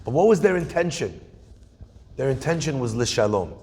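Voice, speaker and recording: A man's voice: mid-range voice, very animated, moderate pace, dark tone, husky, big-room sound. A middle-aged male rabbi giving a sermon to a room, telling stories and asking the listeners rhetorical questions. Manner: storytelling with Yiddish-flavored phrasing and rhetorical questions. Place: room with an audience.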